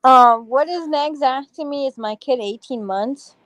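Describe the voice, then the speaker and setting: A woman co-hosting a casual chat show, a mother who reacts with quick jokes and exclamations. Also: high voice, fairly bright tone, no room sound. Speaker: podcast co-host, mother. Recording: faint background noise.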